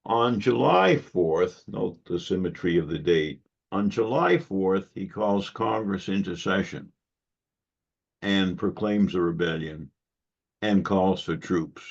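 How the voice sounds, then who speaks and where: A man giving a history lecture to a club audience, measured and given to wry asides. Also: sits low, gravelly, breathy edge. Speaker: guest lecturer. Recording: dull lo-fi recording.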